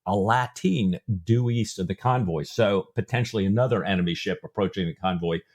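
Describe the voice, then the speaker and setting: On the low side and slightly mellow, the man's voice moves fairly quickly as he co-hosts a book podcast. His talk is casual and riddled with fillers and restarts; he grew up Lutheran and doesn't speak Norwegian.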